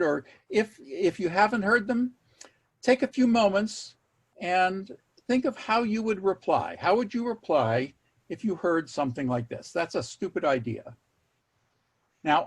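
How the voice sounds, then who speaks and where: Over a video call, a man presents an online workshop in a measured way, adding wry asides and repeating key words for emphasis. His voice sits high with a breathy edge.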